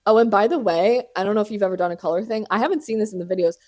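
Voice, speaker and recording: A woman's voice: mid-range voice, very fast, darkish tone. A young woman hosting a podcast, telling a story in casual chat, dramatic and profane, laughing often. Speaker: podcast host.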